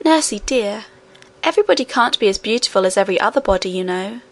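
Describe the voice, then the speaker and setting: A woman reading aloud voices a gentle, earnest little princess girl in a storybook. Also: medium pitch, lively intonation, quick pace. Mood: coaxing.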